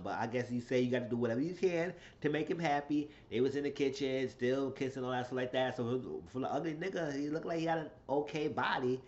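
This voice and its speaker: A man's voice: brisk, few pauses, muffled recording. Man animatedly recapping a reality show. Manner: animated storytelling, shifting into high acted quotes. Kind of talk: casual profane recap.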